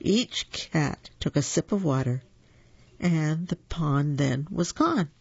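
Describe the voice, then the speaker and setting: A storyteller reading children's picture books aloud in a slow, gentle and expressive way. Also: mid-range voice, gravelly, breathy edge, dry recording. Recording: dull lo-fi recording.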